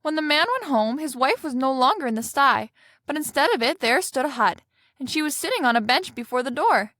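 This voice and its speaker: A woman narrating a fairy tale in a gentle storybook manner. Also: high-pitched, animated, fairly quick, no room sound, studio quality. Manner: gentle storybook narration with light character voices.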